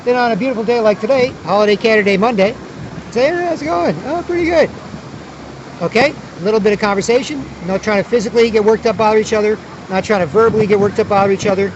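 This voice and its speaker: A man's voice: high voice, steady tone, racing, few pauses, dull audio, background noise. A man vlogging outdoors at a city square, talking in a rambling, repetitive way with many restarts. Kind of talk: casual outdoor monologue.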